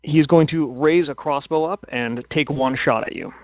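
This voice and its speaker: A man's voice: fairly high pitch, normal speed, no echo. A man narrating a tabletop game as game master, often restarting and hesitating mid-sentence.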